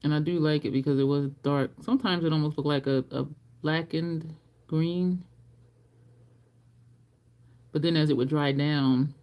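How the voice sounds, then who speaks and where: A woman talks her way through a makeup livestream in a relaxed, rambling chat. Her voice sits a little low, and she often laughs at her own stories. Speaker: livestream beauty host. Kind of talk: casual livestream chat while doing makeup.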